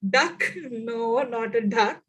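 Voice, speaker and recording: High-voiced Indian woman quizzing a class. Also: takes it slowly, low-quality recording. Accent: Indian English. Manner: lively, quizzes participants with frequent questions. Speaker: trainer in an online course. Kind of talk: interactive online lecture. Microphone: video call.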